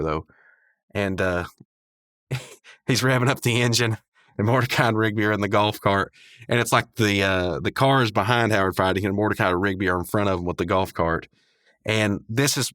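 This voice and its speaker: A man's voice: fairly low pitch, a bit bright, no room sound, clean studio sound. A man hosting a podcast, recapping a cartoon episode in a loose, rambling way, full of fillers and little chuckles. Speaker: podcast host.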